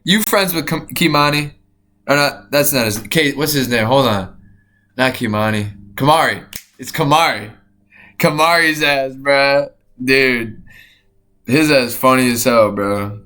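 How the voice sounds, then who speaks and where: Young guy streaming, swears a lot, gets hyped, mid-pitch voice. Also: a little slow. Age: young adult. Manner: profane, excitable, laughs often. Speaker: streamer reacting to a video. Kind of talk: casual chat.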